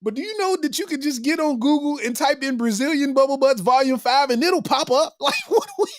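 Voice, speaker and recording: Laughing man ranting with lively pitch. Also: fairly quick, dry recording, studio quality. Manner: loud laughing, slangy, freestyles a rap at the end. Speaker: podcast host. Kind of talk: comedic rant.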